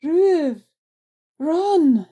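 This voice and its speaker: An actress playing a Highland healer woman who speaks only mock Gaelic in a brisk, urgent way. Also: lively intonation, warm tone, full character voice. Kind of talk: comic audio drama acting.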